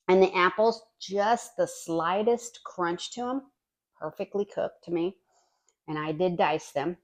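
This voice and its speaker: Chatting casually as she bakes in her own kitchen, a woman vlogger tastes along the way and sometimes speaks with her mouth full. Her pitch is fairly low and her tone darkish.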